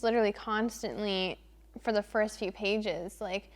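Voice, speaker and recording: A young woman vlogger chatting casually through a book review, animated and exasperated, leaning hard on "literally" and "like.". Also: mid-range voice, unhurried. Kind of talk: casual spoiler-free book review chat.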